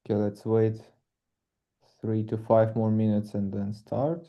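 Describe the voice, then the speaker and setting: Halting man, dark muffled voice. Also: fairly low pitch, completely flat delivery. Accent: Russian. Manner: hesitant, halting, many filler sounds. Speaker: event co-host. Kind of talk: casual online call chat. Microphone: video call. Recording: dull lo-fi call audio.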